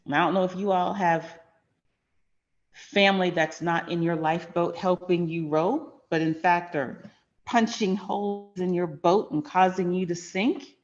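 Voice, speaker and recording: A woman's voice: lowish voice, steady tone, measured pace, dull audio. A middle-aged woman hosting a finance channel, telling a personal story in a frank, emphatic, conversational way.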